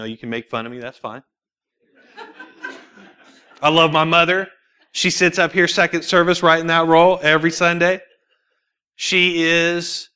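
Here the preacher has a fairly high pitch and a clean tone. In church he shares personal stories with animated flair, mixing in rhetorical questions and bursts of laughter between points.

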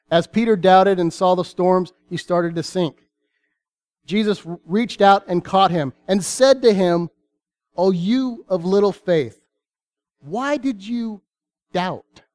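High-voiced earnest male preacher. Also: a little mellow, smooth. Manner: earnest, dramatic pauses, reads scripture aloud. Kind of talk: sermon.

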